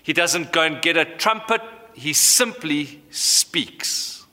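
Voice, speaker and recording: A man in his thirties preaches a sermon, bringing the story to life with lively telling. His voice is bright and sits a little high. It carries a long hall reverb. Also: slow pace. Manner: animated storytelling, acts out voices. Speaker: pastor.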